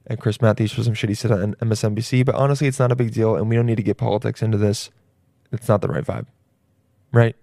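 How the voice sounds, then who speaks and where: A man's voice: mid-range voice, vocal fry, a little mellow, no room sound, clean studio sound. A man hosting a comedy podcast, rambling crudely and laughing at his own jokes. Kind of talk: casual comedy podcast monologue.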